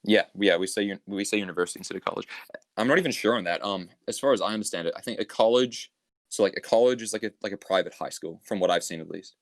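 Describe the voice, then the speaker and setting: A man's voice: fairly low pitch, quick pace, no room sound. A young man with a New Zealand accent, a podcast guest chatting casually in a loose, laid-back way with lots of fillers and the odd swear. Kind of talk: casual chat.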